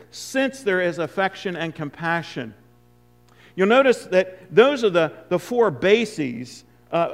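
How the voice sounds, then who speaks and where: A male preacher giving an expository sermon, emphatic, with loud stresses and hushed asides. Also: high-pitched.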